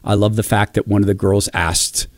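A middle-aged man from the Pacific Northwest of the United States, sharing personal stories with enthusiastic, reflective warmth. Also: fairly low pitch, little pitch movement, moderate pace, no echo. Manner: warm storytelling, enthusiastic and reflective. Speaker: speaker.

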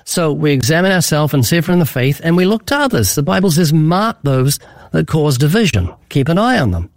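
A man with a fairly high voice speaks in an earnest, preaching manner, driving his points home with emphatic storytelling. The sound is dry and close, with no room around it. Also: big pitch swings, brisk, dry recording. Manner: emphatic, vivid storytelling with acted-out quotes. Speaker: guest evangelist. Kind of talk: earnest preaching-style interview answers.

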